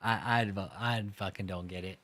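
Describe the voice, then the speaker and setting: A man's voice: low-pitched, steady tone, moderate pace, fairly bright tone. A man hosting a livestream, talking casually and heatedly, swearing often and mocking his target while reacting to chat. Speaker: livestream host.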